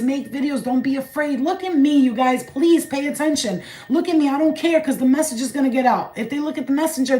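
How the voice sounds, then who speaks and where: A woman with a New York accent, a spiritual channeler giving a blunt, profane, animated vlog message. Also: medium pitch, echoey room, slight background noise, rough recording.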